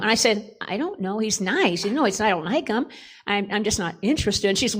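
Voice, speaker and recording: A woman's voice: medium pitch, expressive, normal speed, a little hiss or hum. An older woman on a church conference panel, telling a personal story in a chatty way and laughing often.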